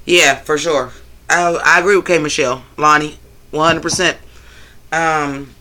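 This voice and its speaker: A man's voice: fairly high pitch, steady tone, unhurried, sharp tone. A man hosting a casual livestream on his phone, talking loosely and profanely while answering his chat. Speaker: livestream host.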